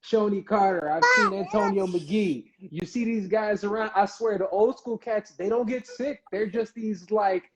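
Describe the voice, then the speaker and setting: A man's voice: high-pitched, animated, unhurried, few pauses. A man hosting a casual live-stream interview, talking loosely with slang and repeated words. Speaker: interview host. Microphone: video call.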